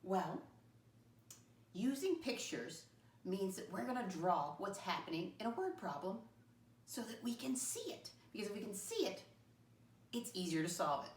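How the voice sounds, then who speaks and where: Recorded off-mic in a roomy classroom, a woman who teaches first grade leads small kids through a lesson. Her mid-range voice is sing-song and animated, slow and deliberate as she spells out words.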